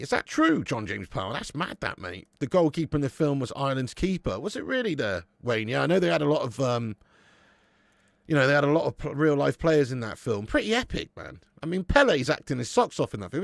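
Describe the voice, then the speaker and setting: Gravelly and mid-range, this man's voice comes through a dry recording with clean studio sound. He's in his late thirties, hosting a live football watch-along with easygoing banter, profanity, and plenty of "mate" and "lad" for his viewers.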